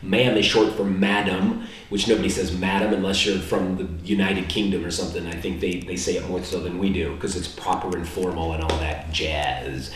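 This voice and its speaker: A man from the United States giving a casual, rambling vlog lesson on basic phrases, slowing down to spell out foreign words. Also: deep voice, steady tone, a little hiss or hum. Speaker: language learner teaching basic phrases. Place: indoor room in Serbia. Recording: very echoey room, mic far off.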